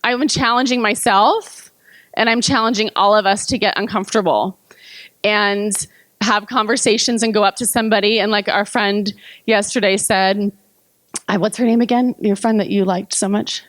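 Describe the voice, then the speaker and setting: A woman's voice: mid-range voice, steady tone, moderate pace, fairly bright tone, dry recording. Earnest woman speaking candidly. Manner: earnest, self-revealing, laughs often. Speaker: conference attendee sharing table discussion. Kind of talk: candid public remarks. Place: conference room.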